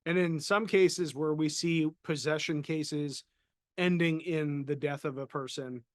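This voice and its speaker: Studio-quality audio with no echo captures a man whose voice sits on the high side. He's a paranormal consultant co-hosting a laid-back podcast, talking conversationally and reading viewer questions aloud.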